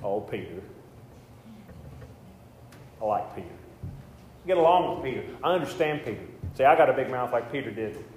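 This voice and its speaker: A man's voice: medium pitch, animated, moderate pace, pauses often, darkish tone. A male pastor preaching a sermon in a conversational way, with joking asides. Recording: echoey hall with faint noise.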